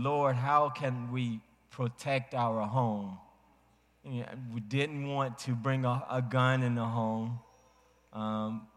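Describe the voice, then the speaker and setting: A man preaching a sermon as a pastor, telling a family story dramatically and acting out voices with big swings in pitch. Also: a bit bright. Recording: long hall reverb.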